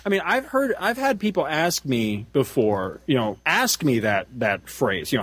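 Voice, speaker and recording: Man, husky, lively pitch, dry close sound, ranting casual podcast host. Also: normal speed, no echo. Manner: ranting, profane, laughs often. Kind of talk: casual comic-book discussion.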